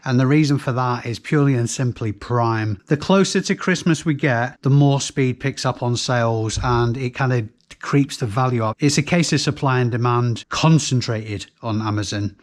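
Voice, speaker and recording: A man's voice: medium pitch, normal speed. A man from the North West of England with a Northern English accent, talking casually through his resale finds and rattling off prices in a matter-of-fact way. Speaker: reseller vlogger. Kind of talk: casual product rundown to camera.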